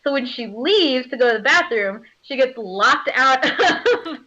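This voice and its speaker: A bubbly woman with a fairly high voice, chatting casually in an interview. She laughs often and fills her speech with filler words. The recording sounds slightly muffled. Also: expressive, unhurried, sharp tone. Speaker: voice actor.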